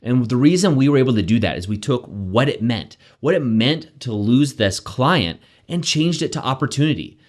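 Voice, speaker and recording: A man hosting a daily self-help show, giving an energetic, conversational motivational talk with frequent "right?" asides. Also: mid-range voice, moderate pace, few pauses. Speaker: coach and show host.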